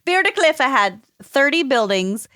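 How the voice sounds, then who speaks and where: A woman's voice: sits high, sing-song, measured pace, sharp tone, dry recording, studio quality. A woman podcast co-host in casual chat, loosely reading her research notes, swearing and laughing often.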